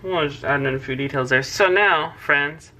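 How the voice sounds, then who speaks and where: A man's voice: a little high, normal speed, sharp tone. A man hosting a casual drawing tutorial, chatty and teasing as he narrates each stroke. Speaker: host, drawing teacher.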